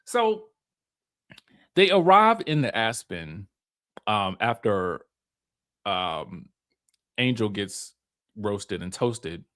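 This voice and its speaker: Animated campy man recapping reality TV. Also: lowish voice, extremely slow, long pauses. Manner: animated, campy, laughs often, puts on pampered voices. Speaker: reality TV commentator. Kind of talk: casual recap commentary.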